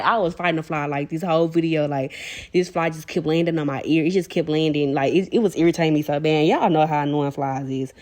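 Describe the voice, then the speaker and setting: A young woman with a Southern country accent from Arkansas, chatting fast and slangy to viewers as she does her own nails. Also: fairly low pitch, darkish tone. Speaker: nail vlogger. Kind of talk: casual voice-over tutorial chat.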